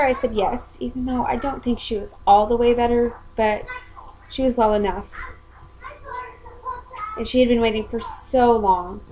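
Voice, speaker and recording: A woman's voice: a little high, mellow, a little hiss or hum, rough recording. A young woman and mother, chatting casually at home in a rambling way with many ums. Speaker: mother and vlogger. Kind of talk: casual chat.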